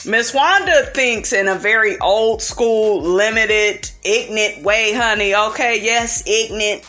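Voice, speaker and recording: Sassy, bright-voiced woman dishing gossip. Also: medium pitch. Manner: sassy, opinionated, calls listeners honey and child. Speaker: reality TV recap vlogger. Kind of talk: casual gossip recap.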